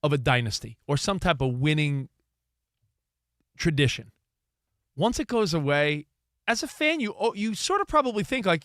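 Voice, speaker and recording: A man co-hosting a sports talk radio show from a studio, bantering and teasing with quick jokes. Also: fairly high pitch, big pitch swings, fairly bright tone, no echo.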